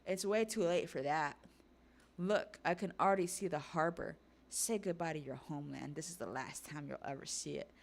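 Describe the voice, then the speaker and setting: A woman's voice: low voice, normal speed, gravelly. Woman voicing a gloating sadistic villain man. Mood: mocking. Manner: mocking, gloating. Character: smug sadistic male villain, gloating slaver.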